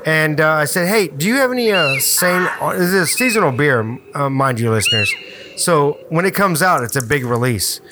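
A man hosting a casual beer-review podcast, animated and profane as he tells stories. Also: fairly high pitch, normal speed, few pauses. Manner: animated, swearing storyteller. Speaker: podcast host. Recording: noisy room.

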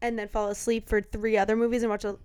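A woman's voice: on the high side, flat delivery, darkish tone, clear, resonant tone, no echo, clean studio sound. Teasing woman podcast co-host. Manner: teasing, quick to laugh. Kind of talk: casual chat.

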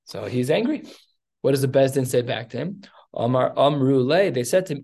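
A man teaches a text study group in a gravelly voice. He tells the story with animated asides and quick questions to his students. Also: mid-range voice. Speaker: teacher leading a study class.

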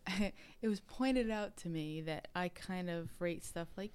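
A woman's voice: lowish voice, measured pace, darkish tone, smooth. A woman co-hosting a podcast in casual chat, rambling and laughing often at herself. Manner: giggly, rambling, self-deprecating. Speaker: podcast co-host.

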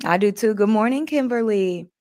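A woman's voice: medium pitch, lively intonation, moderate pace, a little mellow. A woman hosting a casual motivational talk, chatting folksily with viewers, laughing often and reading aloud from a book between their comments. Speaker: host.

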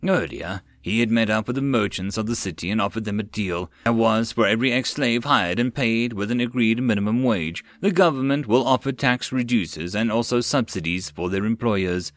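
A man narrating a web novel audiobook, expressive and swinging with the action. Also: on the low side, moderate pace, few pauses, dry recording. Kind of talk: reading a web novel aloud.

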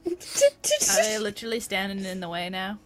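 A woman's voice: mid-range voice, very animated, normal speed, faint music behind. A young woman playing in a tabletop game, eager and playful as she declares her moves. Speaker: player.

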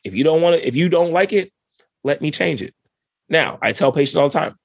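A male dentist as a podcast guest, telling stories in a relaxed, slangy way and acting out his patients' lines. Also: a little high, normal speed, vocal fry, breathy edge, no room sound. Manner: lively, acts out patient dialogue in quoted voices; laid-back, slangy. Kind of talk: casual interview storytelling.

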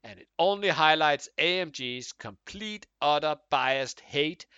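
A man putting on the voice of a passionate, worked-up man who rants and calls everyone to take up pitchforks. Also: expressive, a little slow, sharp tone, smooth, no echo, muffled recording. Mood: indignant. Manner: passionate, rising indignation. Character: fired-up adult man ranting, calling folks to arms.

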